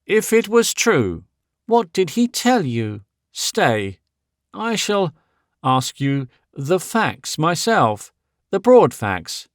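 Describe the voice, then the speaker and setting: A man's voice: a little high, big pitch swings, slow, no echo, clean studio sound, voice pushed up. A man voicing a proud, icy young woman in an audiobook, cold and clipped, cutting with sarcasm. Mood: icy, sarcastic. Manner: cold, clipped, imperious questioning. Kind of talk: audiobook character voice.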